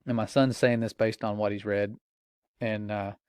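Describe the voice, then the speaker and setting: A man's voice: fairly low pitch, flat delivery, moderate pace, darkish tone, clear, resonant tone, dry recording, clean studio sound. A middle-aged man giving an earnest, grave Christian warning in a commentary.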